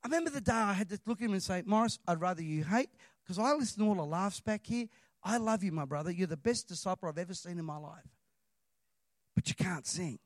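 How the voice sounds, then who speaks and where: High-voiced man preaching. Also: animated, fast, dry recording, clean studio sound. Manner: impassioned, rising to loud emphatic calls. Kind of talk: sermon.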